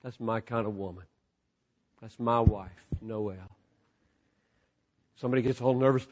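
A man preaching a sermon to a live audience with passion, dropping to a hush and then rising almost to a shout. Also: mid-range voice, normal speed, long pauses. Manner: impassioned, swinging from hushed to near-shouting. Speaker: pastor.

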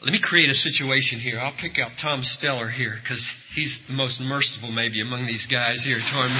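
Forceful husky male preacher. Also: medium pitch, steady tone, normal speed, hardly any pauses. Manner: dramatic storytelling, acting out quoted voices. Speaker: pastor. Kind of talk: sermon. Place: church service before a congregation. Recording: echoey hall, dull lo-fi sound.

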